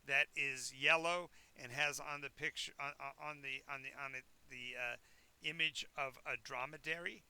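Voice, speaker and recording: A man's voice: medium pitch, steady tone, moderate pace, bright, forceful tone, clear, resonant tone. A man narrating a tabletop game as game master, describing scenes in a rambling, self-correcting way.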